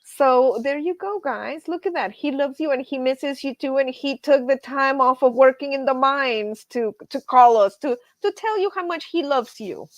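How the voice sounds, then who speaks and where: A woman hosting a live stream, somewhat high-voiced and chatty, telling animated stories to her viewers and laughing as she goes. The sound is dry and close-miked with almost no room echo. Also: moderate pace, hardly any pauses. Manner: animated storyteller, says y'all, laughs often. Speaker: livestream host. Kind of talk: casual live-stream chat.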